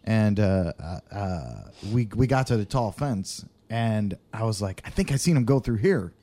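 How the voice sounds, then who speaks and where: A man telling a wild story on a podcast, his pitch swinging all over as he laughs and swears. His delivery is loose and casual, full of energy. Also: big pitch swings, a little slow, warm tone. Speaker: podcast co-host.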